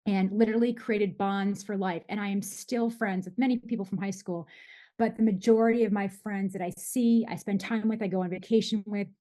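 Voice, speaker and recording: A woman in her forties from Michigan, guesting on a podcast with a voice in an ordinary middle register. She talks in a chatty, animated way and often restarts her sentences. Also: medium pitch, a little fast. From Michigan, USA. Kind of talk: casual interview storytelling.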